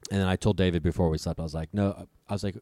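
A young man with a low, deep voice recounts a scary night in casual conversation. He talks vividly and profanely, slipping into the voices of the people in the story. The recording is close and dry. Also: steady tone, racing, mellow, dry recording. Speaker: storyteller guest.

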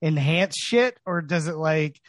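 Podcast host man, higher pitch, dry mic, eager reactions. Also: lively intonation, dry recording. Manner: enthusiastic, quick reactions. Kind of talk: casual podcast chat.

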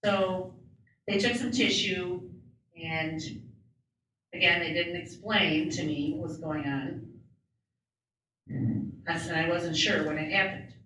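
A woman's voice: lowish voice, fairly even intonation, slow pace, long pauses, sharp tone, a little hiss or hum. A woman interpreter voicing a first-person personal story in a plain, conversational way, with small restarts. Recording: very echoey room, distant mic, faint ambience.

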